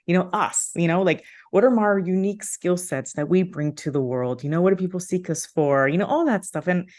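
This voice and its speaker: A woman in her thirties speaks as a podcast guest, her voice sitting a little low. She tells a personal story with heartfelt emotion, circling back with fillers and restarts as she goes. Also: brisk, a little mellow.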